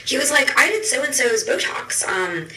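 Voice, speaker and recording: A woman's voice: high voice, very animated, unhurried, pushed and bright. Chatty young woman in an echoey room. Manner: chatty, acts out dialogue with a swearing punchline. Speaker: content creator. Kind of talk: casual storytime to camera.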